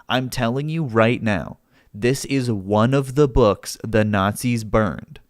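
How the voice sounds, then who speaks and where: Man, livestreamer, heated, exasperated, swearing, fairly high voice, dry close sound. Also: dry recording. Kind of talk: live stream chat argument.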